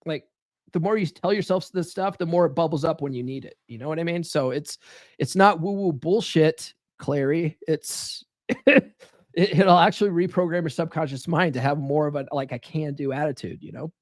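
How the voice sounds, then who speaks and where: A man's voice: on the high side, moderate pace, no room sound, studio quality. A man hosting a live stream in a casual, profane monologue that keeps checking in with "right?". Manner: casual and profane, peppered with "right?" tag questions.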